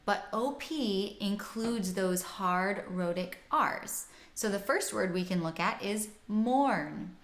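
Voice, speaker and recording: A woman teaching pronunciation, talking through lessons and modelling sounds with clear, exaggerated vowels. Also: medium pitch, slow pace, few pauses. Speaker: singing teacher and host. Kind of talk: instructional lesson with spoken demonstrations. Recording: roomy echo.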